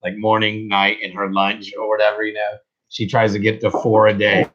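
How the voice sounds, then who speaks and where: A man's voice: lowish voice, completely flat delivery, normal speed, a bit bright. A man hosting a casual livestream, rambling and self-deprecating with many restarts. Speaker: reseller host. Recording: dull lo-fi livestream audio.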